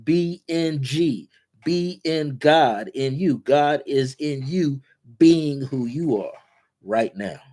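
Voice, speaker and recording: A man hosting a guided spiritual talk, speaking in repetitive, incantatory affirmations and slowing down on key words. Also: on the high side, lively intonation, dark tone. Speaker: spiritual teacher and show host.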